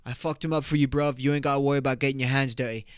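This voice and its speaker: Give me a man playing a boastful young British lad with a put-on British accent and a smooth, clear voice. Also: medium pitch, steady tone, rapid-fire, no echo, clean studio sound, close to an everyday voice. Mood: admiring. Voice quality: profane, boastful. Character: brash young British lad, swaggering and crude.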